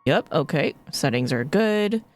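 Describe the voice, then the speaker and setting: A chatty woman streamer talking into a streaming mic, casual and self-mocking, with the odd swear. Her voice sits low for a woman but swings widely in pitch. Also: expressive, unhurried, faint music behind. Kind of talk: casual live-stream chat.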